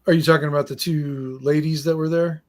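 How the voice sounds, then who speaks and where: A man narrating a tabletop game as game master, rambling and halting with lots of fillers. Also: fairly high pitch, steady tone.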